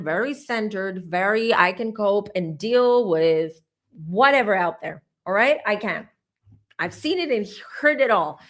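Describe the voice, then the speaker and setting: Chatty animated woman telling a story. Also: mid-range voice. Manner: chatty and animated, with asides to viewers. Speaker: host of a psychic channel. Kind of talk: casual storytelling to camera.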